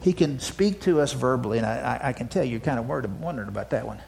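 A male pastor preaching a sermon. He moves from loud, emphatic declarations to soft, hushed asides and often repeats words as he restarts phrases. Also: mid-range voice, animated, quick pace, vocal fry, slight background noise.

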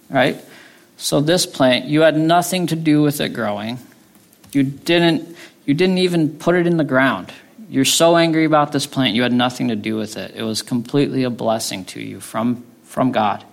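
This pastor's sermon feels like a conversation, with frequent tag questions to check on his listeners. He has a mid-range voice with vocal fry and keeps a moderate pace.

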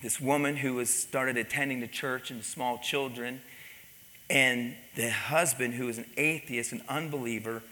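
A pastor telling a story in a sermon, animated, repeating words and dropping to quiet, intense tones. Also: male voice, medium pitch, normal speed. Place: church sanctuary. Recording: long reverb in a large hall.

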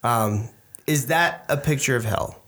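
Joking, rambling podcast co-host. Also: male voice, medium pitch, unhurried, a bit bright. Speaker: podcast co-host, worship leader. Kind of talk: casual podcast chat.

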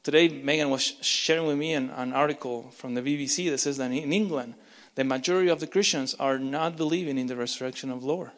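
A man preaching a sermon as pastor, impassioned, with frequent repeats and restarts, swinging between urgent loud lines and hushed ones. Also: medium pitch, fast, hardly any pauses. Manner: repeats words and restarts mid-phrase. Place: church sanctuary. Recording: long reverb of a large church.

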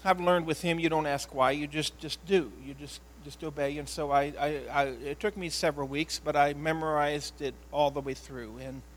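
A man, a pastor, telling a personal story in an earnest, emotional sermon style, often halting and repeating words. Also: fairly high pitch, steady tone, slight background noise, poor audio.

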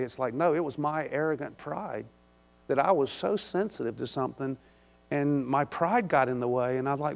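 Gravelly-voiced male pastor preaching. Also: medium pitch, normal speed. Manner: conversational, self-deprecating, with many restarts. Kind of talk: sermon.

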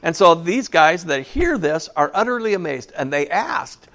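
A man's voice: fairly high pitch, big pitch swings, moderate pace, hardly any pauses, a bit bright. A man preaching a sermon in a church, conversational and jokey, often asking the congregation questions. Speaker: pastor.

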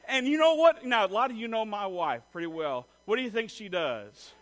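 A middle-aged man preaching a sermon, telling a funny personal story in an animated way and joking with the congregation. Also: sits high, fairly quick. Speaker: pastor.

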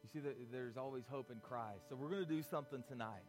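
A young man preaching a youth sermon, swinging between loud pleading and quiet, low talk. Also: fast, loud music behind the voice. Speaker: youth pastor.

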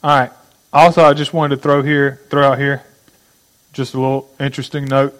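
A man gives a teaching sermon with a mid-pitched voice. He explains points slowly and often puts questions to his listeners. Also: level tone, fairly bright tone, low-quality recording. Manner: teaching, asks the audience questions. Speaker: pastor.

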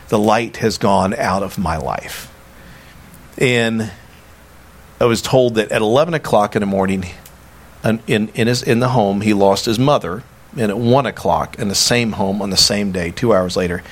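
A man with a Southern US accent preaching a sermon, telling stories with excitement and stammering restarts. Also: fairly low pitch, slight background noise.

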